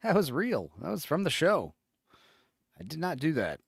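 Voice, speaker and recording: A man's voice: on the high side, wildly swooping pitch, moderate pace, creaky, slightly rough. A man co-hosting a casual podcast, joking wryly as he comments on a show he is watching. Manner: wry, joking, muses aloud. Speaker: podcast co-host.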